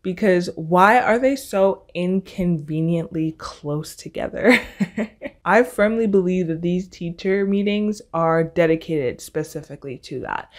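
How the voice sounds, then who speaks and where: A woman's voice: lowish voice, measured pace. A young woman in college hosting her own podcast, talking to listeners in a chatty, sarcastic way. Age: young adult. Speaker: podcast host. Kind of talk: casual solo podcast chat.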